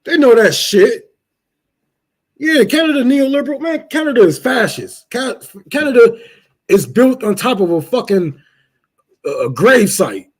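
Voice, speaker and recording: A young man hosting a casual livestream, cursing loudly and laughing as he rants and thanks donors. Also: extremely high pitch, very animated, unhurried. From Detroit. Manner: profane, loud, laughing rants. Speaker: livestream host.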